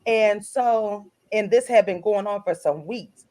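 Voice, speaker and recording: A middle-aged woman, an author guest co-hosting a podcast, telling a personal story in an earnest, animated way and acting out other people's lines. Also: medium pitch, measured pace. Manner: earnest, animated, retells scenes in voices.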